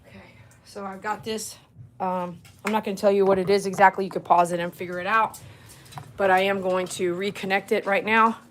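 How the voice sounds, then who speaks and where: In a phone-recorded home vlog with a slight hiss or hum, a woman from St. speaks in a steady, medium-pitched voice, a touch fast. She grooms dogs and vlogs, chatting to her own dogs and laughing easily around her wintry home and backyard.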